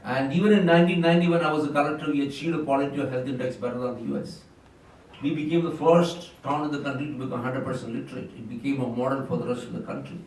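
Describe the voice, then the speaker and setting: A man's voice: mid-range voice, fairly even intonation, fast, a little mellow. An older man with an Indian English accent, speaking at a round table discussion and telling emphatic, anecdotal stories as a former civil servant. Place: conference hall. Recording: very echoey hall, distant mic, faint noise.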